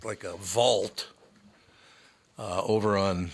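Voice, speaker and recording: An older man hosting a show, telling stories in a rambling, gruff way with many restarts. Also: on the low side, fairly even intonation, slow pace. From United States. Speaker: radio host. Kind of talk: casual chat.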